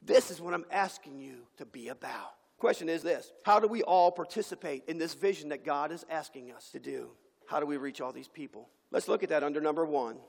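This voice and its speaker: Pastor, male, high gravelly voice, impassioned sermon, big church reverb. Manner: impassioned preaching with dramatic pauses. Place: church sanctuary. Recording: long hall reverb.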